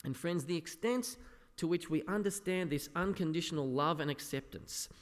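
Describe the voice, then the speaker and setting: A man preaching an earnest sermon as a pastor, often dropping to a soft, quiet voice. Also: on the high side, normal speed. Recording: echoey hall with long reverb.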